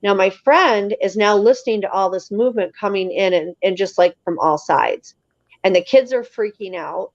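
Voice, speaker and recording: Telling her story as a guest on a live show, this woman is casual, animated and emphatic, performing the quoted voices of the people involved. She speaks at normal speed in a mid-range voice, on a lo-fi recording without echo.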